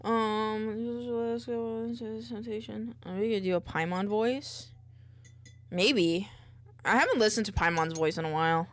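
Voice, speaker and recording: A woman streamer in a casual, low-key chat, rambling and distracted as she reads chat aloud between tasks. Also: measured pace. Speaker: VTuber streamer.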